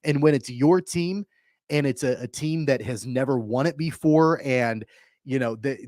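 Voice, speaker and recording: A man co-hosts a sports radio show, his voice sitting at a middle pitch. He speaks earnestly and at a measured pace, leaning on fillers as he talks. The studio sound is dry, with no room echo. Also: darkish tone. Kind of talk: casual sports talk. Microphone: studio microphone.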